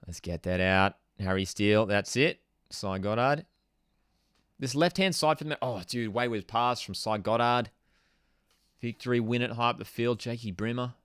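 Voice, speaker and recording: A man's voice: on the low side, fairly bright tone, no echo, studio quality. A young man hosting a live football watchalong, ranting in exasperation and casual slang while reading out chat messages. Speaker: host of a football watchalong stream.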